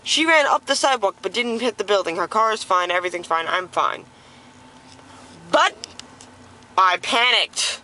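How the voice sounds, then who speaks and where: A young woman in a car, telling a story casually in an excited, profane, rambling way with many restarts. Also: mid-range voice, moderate pace, long pauses, low-quality recording. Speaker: vlogger. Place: inside a car while driving.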